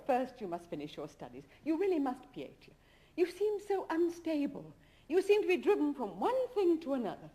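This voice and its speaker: A volatile aristocratic woman in a 1970s stage drama. She talks in a high, wildly swooping voice, turning from tender coaxing to shrill mockery. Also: a little mellow. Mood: tender, pleading. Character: emotional aristocratic middle-aged woman, pleading and volatile.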